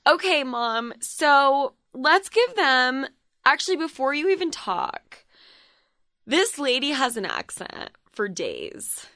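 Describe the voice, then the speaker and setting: A young woman hosting a podcast, playful and quick, teasing her guest and swearing casually. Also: high-pitched, huge pitch swings, pushed and bright, no echo, clean studio sound. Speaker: podcast host. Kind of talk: casual chat and ad read.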